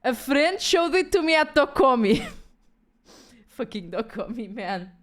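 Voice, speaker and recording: Chatty streamer woman, higher voice. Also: big pitch swings, measured pace. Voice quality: rambling, swears casually, trails into mumbles. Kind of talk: casual game stream chat.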